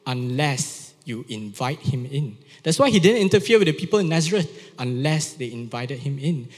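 A man's voice: mid-range voice, darkish tone. A male pastor preaching a sermon, emphatic, repeating key phrases and asking his listeners questions. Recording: long reverb of a large hall.

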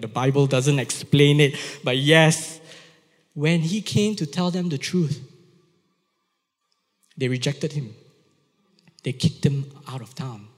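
A male pastor preaching a sermon, emphatic, repeating key phrases and asking his listeners questions. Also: mid-range voice. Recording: long reverb of a large hall.

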